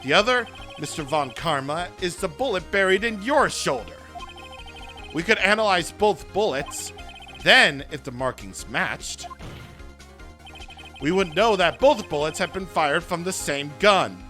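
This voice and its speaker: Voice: mid-range voice, soft background music. A streamer voicing a determined young male defense attorney in a video game, laying out evidence. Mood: arguing. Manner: steady courtroom argument, slow and deliberate. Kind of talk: reading game dialogue aloud.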